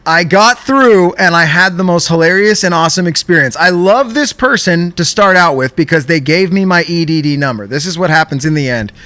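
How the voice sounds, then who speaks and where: Bright-voiced, high-pitched young man telling stories. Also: fairly quick, hardly any pauses, no echo. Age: young adult. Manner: animated storytelling, frequent swearing. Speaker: podcast co-host. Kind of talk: casual chat.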